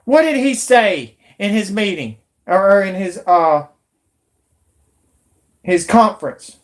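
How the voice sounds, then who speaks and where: A woman's voice: medium pitch, expressive, slow. A woman, ranting angrily and swearing as a YouTube commentator. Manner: angry, profane, shouting in bursts. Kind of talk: angry political rant.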